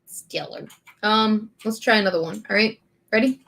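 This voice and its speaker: A woman streamer reading lyrics aloud in a deadpan way and chatting with her audience. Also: mid-range voice. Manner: slow, deadpan lyric reading with bursts of laughter.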